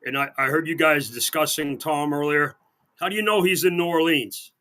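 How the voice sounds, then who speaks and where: Sports radio guy rambling about football, bright sharp voice, sarcastic asides. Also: a little high, moderate pace. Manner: rambling, sarcastic, many restarts. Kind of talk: casual sports radio chat. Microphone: remote call-in line.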